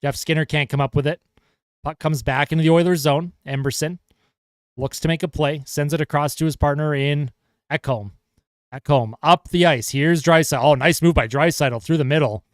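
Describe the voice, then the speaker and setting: A man calling hockey play-by-play as a fan livestreamer, excitable and chatty with his viewers. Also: a little high, moderate pace, no room sound, clean studio sound. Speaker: fan commentator livestreaming a game. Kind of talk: casual play-by-play commentary.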